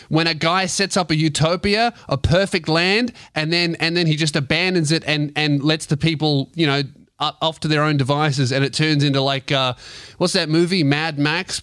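Brief: Australian comic host, high bright voice, brash swearing banter, dry close studio mic. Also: male voice, no echo. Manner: loud, joking, swears freely, teasing. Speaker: comedian podcast host. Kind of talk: crude comedic podcast banter. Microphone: studio microphone.

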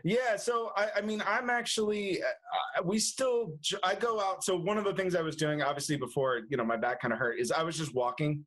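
A man's voice: high-pitched, brisk, a bit bright, low-quality recording. A young man, a movie reviewer chatting casually as a guest, laughing often and restarting his sentences. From United States. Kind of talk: casual interview chat.

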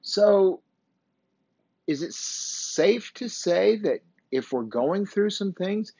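A man's voice: sits high, animated, extremely slow, gravelly, darkish tone, slightly rough, no echo. A man hosting a faith podcast, giving an earnest, preachy motivational talk like a coach, with mild swearing, on a dull, dry, lo-fi recording. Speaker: podcast host.

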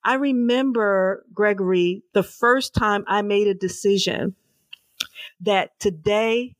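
Middle-aged woman, author guest, earnest emphatic storyteller, medium pitch, dry sound. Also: dry recording. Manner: earnest, slow and emphatic, with repeated words. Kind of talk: personal storytelling in an interview.

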